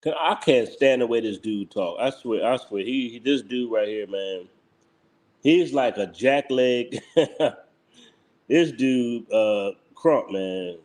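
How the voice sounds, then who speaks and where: A man's voice: medium pitch, lively intonation, takes it slowly, darkish tone. A man with a Philadelphia accent hosting a live stream, blunt and heated, repeating himself and laughing mockingly.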